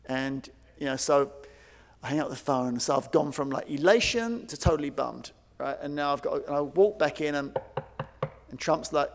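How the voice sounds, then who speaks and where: A man delivers a conference keynote in a gravelly, fairly high voice, acting out the people in his stories with lots of fillers. His voice rings with the long reverb of a large hall. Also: normal speed. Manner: animated, acts out quoted voices, many fillers. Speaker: keynote speaker.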